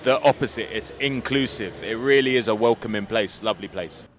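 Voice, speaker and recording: A man guest, a comedian and rapper, chatting in a casual interview outdoors and telling his story in a relaxed way, with plenty of "like" fillers. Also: lowish voice, a little fast, a little hiss or hum. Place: outdoors on a street.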